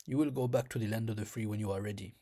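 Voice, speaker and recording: A young man quoting his older uncle in a calm, mysterious tone, delivering solemn pronouncements. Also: fairly low pitch, racing, lightly acted. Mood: cryptic.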